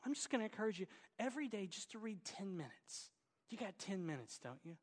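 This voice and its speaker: Pastor, man, middle-aged, Oklahoma accent; light higher voice, earnest and folksy; big reverberant sanctuary sound. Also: big pitch swings, fairly quick. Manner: earnest, exhorting, folksy asides. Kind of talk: sermon.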